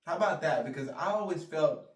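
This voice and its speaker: A man's voice: a little high, lively intonation, fairly quick. Heated, swearing male vlogger; rambling rant, distant mic in a reverberant room. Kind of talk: ranting monologue. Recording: roomy sound, mic far off.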